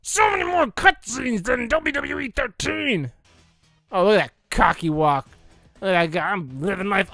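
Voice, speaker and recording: A young man doing a jokey, excitable commentary over a video game, bursting into mock announcer shouts. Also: high-pitched, moderate pace, gravelly, no echo, faint music behind. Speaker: let's play gamer. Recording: dry close recording.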